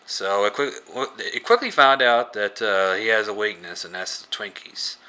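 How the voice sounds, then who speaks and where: This is a man with a lowish, sharp, tense voice, recapping a movie casually. He rambles and halts often, filling the gaps with filler words. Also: normal speed, smooth. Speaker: movie reviewer.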